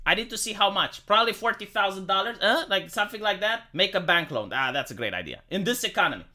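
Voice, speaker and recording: Guy streaming, bright voice, pitch jumping all over, cussing and stumbling over his words. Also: animated, quick pace. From Romania. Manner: profane, stammering, repeats words when worked up. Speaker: live streamer. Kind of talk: casual ranting chat to live viewers.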